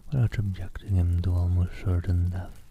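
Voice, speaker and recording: A man reading a novel aloud as an ASMR streamer, in soft whispered narration close to the mic. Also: sits low, level tone, normal speed, breathy edge, muffled recording.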